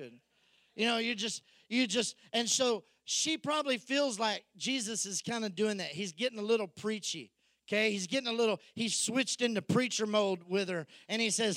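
A man delivers a sermon in a high, bright voice. He slips into quoted voices to act out the people in the story, animated and conversational. The sound is close and dry. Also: moderate pace, no room sound. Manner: animated, acts out Bible figures in quoted voices. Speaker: pastor.

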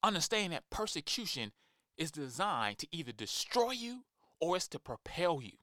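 A man's voice: on the high side, sing-song, normal speed, bright, forceful tone, no room sound, clean studio sound. Fired-up man preaching a sermon. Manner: impassioned, emphatic, acts out quoted voices.

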